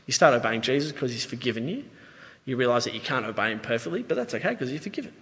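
A man with an Australian accent preaching a sermon, chatty and lively, with asides to the congregation. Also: medium pitch, fast. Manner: conversational, animated preaching with asides. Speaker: pastor. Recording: reverberant church hall.

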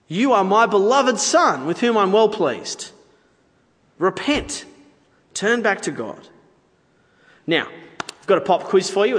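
A man delivers a sermon in a relaxed, chatty way, with playful asides to his listeners. His voice sits a little high and swings widely in pitch. The sound carries a long hall reverb. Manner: conversational, playful asides to the audience. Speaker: preacher.

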